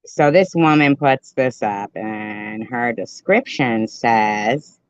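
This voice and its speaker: A woman delivers angry commentary on recorded clips, her talk unhurried and full of scorn and sarcasm. The recording is dull and lo-fi, with a dry, close sound. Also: very deep voice, smooth, no room sound. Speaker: commentary channel host.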